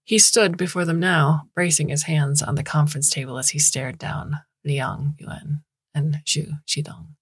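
A woman narrating a science fiction story in a measured, even reading voice. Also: low-pitched, slightly rough, no echo, studio quality. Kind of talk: scripted narration.

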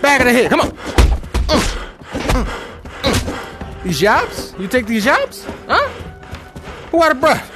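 A man giving live commentary while playing a VR fighting game. He trash-talks his opponent, lets out loud whoops and makes chatty asides to viewers. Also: extremely high pitch, very animated, slow, long pauses, loud music behind the voice.

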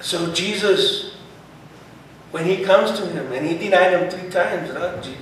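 A man preaching a sermon with fervor, at times breaking into shouts and dropping in Spanish words. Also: high-pitched, a little slow, a little hiss or hum. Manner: fervent, rising to shouts, mixes in Spanish words. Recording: echoey room, voice far from the mic.

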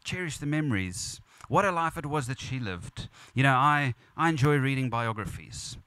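A man's voice: medium pitch, lively intonation, moderate pace, sharp tone, no room sound. A man preaching at a funeral as pastor, earnest and repetitive, building emphasis. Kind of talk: funeral sermon. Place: church or funeral venue.

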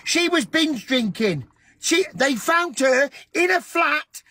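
A man's voice: very high-pitched, expressive, takes it slowly, sharp tone, no room sound. A man on a livestream, earnestly lecturing and pleading with someone in a repetitive, emphatic way.

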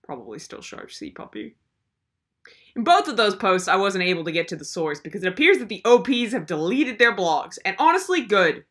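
A woman's voice: mid-range voice, very animated, brisk, hardly any pauses, fairly bright tone. A young woman hosting a comedic commentary video, ranting in a sarcastic, exasperated way. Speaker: video host.

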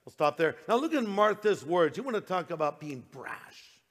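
A man's voice: sits high, very animated, moderate pace, fairly bright tone, long reverb tail. An older man, a pastor, preaching a sermon in a conversational way, slipping into quoted voices.

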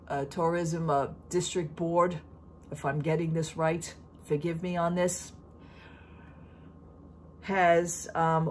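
A woman's voice: lowish voice, a little mellow. A middle-aged woman vlogging in a casual, chatty way, opinionated and full of fillers and restarts. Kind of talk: casual chat.

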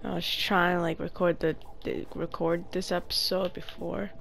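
A woman's voice: fairly low pitch, level tone, moderate pace, vocal fry, fairly bright tone, a little hiss or hum. A woman giving casual, playful gameplay commentary, chatting and sometimes muttering or whispering to herself. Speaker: gaming video creator.

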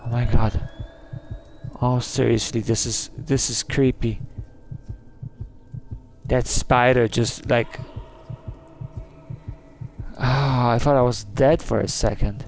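A man's voice: medium pitch, steady tone, takes it slowly, gravelly, long pauses, darkish tone, a little hiss or hum. A man commentating a scary game he is playing, easily spooked, gasping and crying out in alarm. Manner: jumpy, easily spooked, gasps and cries of "oh no". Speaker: gaming channel host. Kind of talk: let's play commentary.

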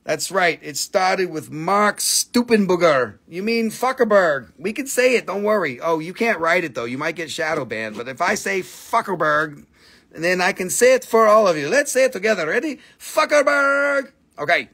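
A man's voice: high-pitched, animated, moderate pace, fairly bright tone, slightly rough. Joking, crude-talking man selling crystals live. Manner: joking, crude, swearing, auction-style price calls. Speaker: host of a live crystal sales stream. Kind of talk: casual live-stream selling chat.

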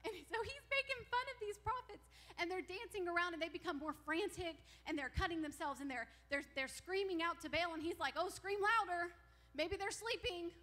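A woman pastor preaching a sermon, retelling a Bible story in an animated way and acting out the characters' lines. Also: very high voice, fairly quick, hardly any pauses. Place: church sanctuary.

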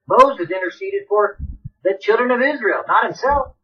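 Man, high voice, fiery preacher, dramatic swings from shouting to hushed, dull lo-fi radio sound. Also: animated, moderate pace, distant mic. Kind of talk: fiery sermon.

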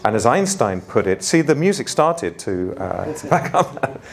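A man's voice: mid-range voice, big pitch swings, unhurried, vocal fry. A man from gives a conference opening keynote in an informal, self-deprecating way with frequent fillers. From London. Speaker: conference host and keynote speaker.

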